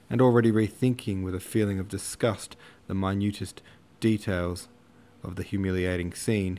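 Man narrating a classic, low voice. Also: a little mellow. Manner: slangy, irreverent retelling. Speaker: audiobook narrator. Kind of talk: casual audiobook narration.

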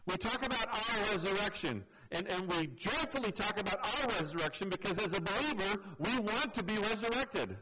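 A man preaching a sermon in an earnest, conversational way, dropping his voice low for emphasis. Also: animated, a little fast, hardly any pauses, over music, poor audio. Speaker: pastor.

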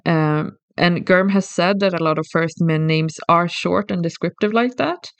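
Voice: mid-range voice, moderate pace, vocal fry, clean tone, no echo. A co-host talks through a subject on a podcast, thoughtful and methodical, often restarting a phrase. The voice sits in a middle register. The recording is dry with no room sound. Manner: thoughtful, explains step by step with restarts. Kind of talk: casual explanatory podcast chat.

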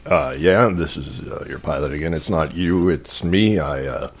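A man co-hosting a podcast, delivering puns slowly with many hesitations. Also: rumbling low. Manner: slow, hesitant with many uhs. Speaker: podcast co-host. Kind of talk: casual pun-swapping chat.

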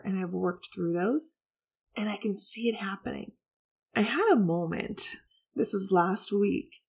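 Podcast host, woman, frank and reflective storytelling, vocal fry throughout. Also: mid-range voice. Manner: candid, reflective, confessional. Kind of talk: personal storytelling to listeners.

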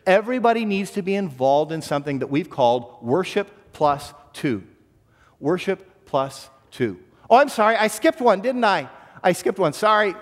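High-voiced pastor preaching in a reverberant church. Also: male voice, sing-song, moderate pace. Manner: earnest, repeats words when restarting. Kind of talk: sermon.

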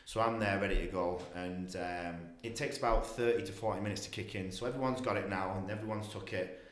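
A male guest tells a long story with loose, animated energy, meandering casually through plenty of asides. His slightly low voice carries a roomy echo, he speaks briskly, and there's slight background noise.

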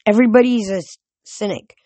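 A woman voicing an ancient, fading nature god who speaks slowly and solemnly. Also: medium pitch, fairly even intonation, mellow, no echo, close to an everyday voice. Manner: slow, solemn, forlorn.

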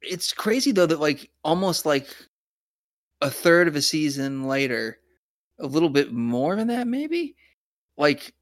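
A man's voice: on the high side, big pitch swings, a little slow, dry recording, studio quality. A man co-hosting a casual podcast, talking about a TV show in a rambling way full of "like". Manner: rambling, filler-heavy. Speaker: podcast co-host. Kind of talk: casual TV recap chat.

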